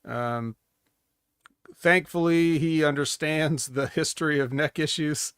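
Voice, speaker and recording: A man co-hosting a wrestling podcast, measured and dryly skeptical, reasoning his way through points. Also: fairly high pitch, a bit bright, clear, resonant tone, no room sound, clean studio sound. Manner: measured and dryly skeptical, talks himself around. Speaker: podcast co-host. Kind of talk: casual wrestling chat.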